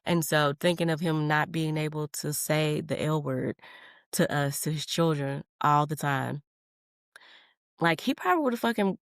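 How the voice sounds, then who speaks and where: A woman in her thirties talks alone on her podcast in a fairly low voice. She is candid and profane, calls her listeners honey, and wanders from tangent to tangent. The sound is close and dry, with no room around her. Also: measured pace, no echo. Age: 30s. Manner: jumps between tangents. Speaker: podcast host. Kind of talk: solo podcast monologue.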